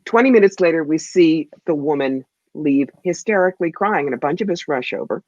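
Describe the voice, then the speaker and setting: A woman guest, a psychic medium and author, telling stories in an interview in a punchy, animated way. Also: low-pitched, a little fast, no room sound, highs cut off. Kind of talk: interview storytelling.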